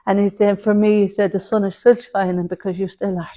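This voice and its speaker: A woman's voice: mid-range voice, little pitch movement, fairly quick. A woman giving a mediumship demonstration to an audience, relaying messages in a chatty way and calling people love and darling. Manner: chatty, warm terms of address, relays messages in quotes. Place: spiritualist centre hall before an audience.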